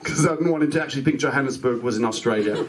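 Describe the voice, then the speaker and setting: A man's voice: mid-range voice, rapid-fire. A South African man doing a chatty stand-up set, telling a story and acting out the people in it. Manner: chatty storytelling, puts on voices for people he quotes. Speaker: stand-up comedian. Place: comedy club stage with a laughing audience. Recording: live club recording with loud crowd laughter.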